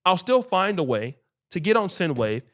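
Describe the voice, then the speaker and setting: A man hosting a podcast who tells stories in casual chat, animated and swearing freely while acting out what people said. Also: high voice, moderate pace. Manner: animated, acts out quoted dialogue, swears freely. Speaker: podcast host.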